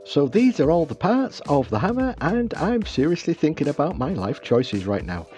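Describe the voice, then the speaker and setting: A man's voice: on the high side, big pitch swings, normal speed, mellow, dull audio, faint music behind. A British man narrating his own craft build as channel host, with wry, self-deprecating humor. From Britain.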